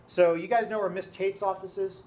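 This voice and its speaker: A man's voice: high-pitched, normal speed, a little hiss or hum. Man telling a story to his class. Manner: casual, animated storytelling with many "okay?" check-ins. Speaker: teacher.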